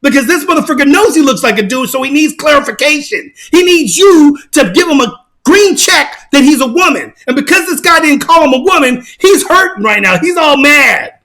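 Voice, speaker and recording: A male online commentator talks through a casual reaction rant in a notably high voice. He keeps it heated and emphatic and circles back over his points. His tone is bright and forceful. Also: animated, normal speed.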